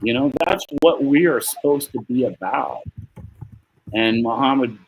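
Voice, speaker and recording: A man's voice: medium pitch, animated, measured pace, gravelly, a little hiss or hum, low-quality recording. An American man streaming to his viewers in a casual, rambling monologue that is heartfelt and profane, with laughs. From United States.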